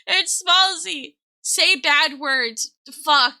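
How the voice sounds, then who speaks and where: In a very slow, high and sharp voice, a young adult VTuber chats casually on stream. She comes across giggly, flustered and teary, almost crying, with frequent thanks to her chat.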